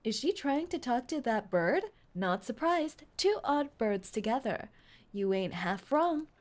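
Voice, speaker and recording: A woman's voice: fairly high pitch, very animated, a little slow, a little mellow. A woman voicing rowdy, mocking street children who drawl their jeers.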